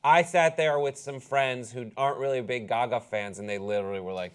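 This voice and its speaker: A man's voice: mid-range voice, normal speed, few pauses, clear, resonant tone. Wry, critical man on a talk panel. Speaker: talk show co-host. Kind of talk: casual chat.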